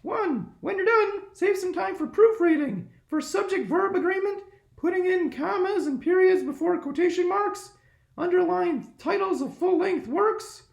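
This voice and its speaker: A man voicing an eager young boy spider superhero, squeaky and quick. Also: vocal fry, exaggerated voice. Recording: echoey room.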